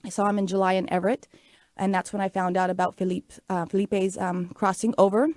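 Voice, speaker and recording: A woman's voice: medium pitch, level tone, fairly quick, darkish tone, no room sound. A woman in her late forties hosting a talk show, telling stories in a chatty, upbeat way with many fillers. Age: 40s. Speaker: radio show host. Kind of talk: casual talk show monologue.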